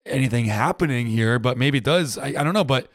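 A man from Rhode Island, co-hosting a podcast in casual chat, animated as he acts out both sides of a dialogue. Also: mid-range voice, brisk, dry recording, studio quality. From Rhode Island, USA. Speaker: podcast co-host.

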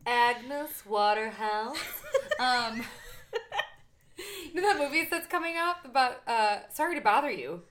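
A woman's voice: sits high, lively intonation, normal speed, a bit bright. A woman co-hosting a podcast in casual chat, joking and rambling into side stories. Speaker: podcast co-host.

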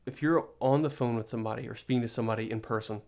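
A man's voice: medium pitch, steady tone, very fast, darkish tone. A young man hosting a solo podcast, rambling in an exasperated, joking rant with many restarts. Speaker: podcast host.

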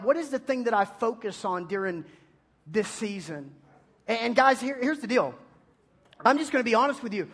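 Youth pastor, man, very high voice, animated and playful, preaching to teens. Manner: animated, playful storytelling with loud bursts. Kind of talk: energetic youth sermon.

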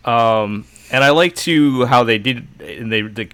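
A man's voice: mid-range voice, a little slow, a bit bright. A man co-hosting a casual anime podcast, chiming in with dry, wry asides. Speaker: podcast co-host. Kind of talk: casual chat about anime.

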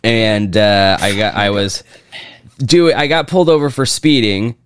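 A man's voice: fairly low pitch, a little slow, smooth, no echo, clean studio sound. A man co-hosting a podcast, telling a profane story with lots of energy in casual chat. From Kansas, USA. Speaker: podcast co-host.

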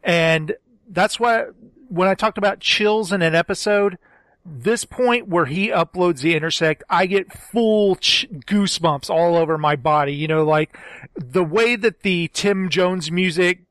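A man's voice: high-pitched, unhurried, a bit bright, no room sound. A man co-hosting a podcast, chatting casually and with enthusiasm about a show. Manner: enthusiastic, gushing, quotes scenes in acted voices. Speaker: podcast co-host.

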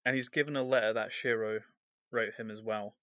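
A man's voice: on the low side, fairly even intonation, a little fast, fairly bright tone, no echo, lo-fi sound. A man co-hosting a podcast, recapping a novel's chapters in a loose, rambling way full of fillers. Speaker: podcast co-host. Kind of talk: casual book discussion.

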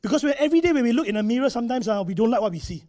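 A man's voice: very high voice, lively intonation, rapid-fire, mellow. A male preacher, giving a conversational sermon in a church, acting out quotes and using tag particles.

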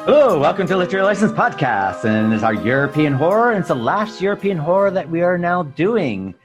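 Lively chatty male podcast host. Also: a little high, a little fast, music in the background. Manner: lively, laughs easily, chatty. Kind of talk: casual chat.

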